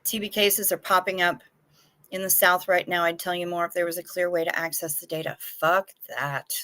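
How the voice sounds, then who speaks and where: A woman's voice: lowish voice, level tone, moderate pace, a bit bright. A woman hosting a casual live stream, chatting frankly with viewers and swearing now and then, sounding anxious.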